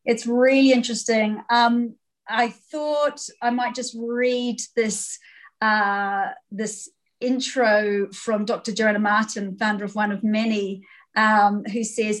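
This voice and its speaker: A woman hosting an interview, talking in a relaxed way with some fillers. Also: fairly high pitch, takes it slowly, rough recording. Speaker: host. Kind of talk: conversational interview.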